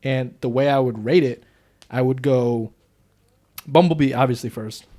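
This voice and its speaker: Young male podcast co-host, loose and profane, bursts of loud excitement over a mid-pitched voice. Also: moderate pace. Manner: loose and profane, gets loud when worked up. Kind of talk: casual movie review chat.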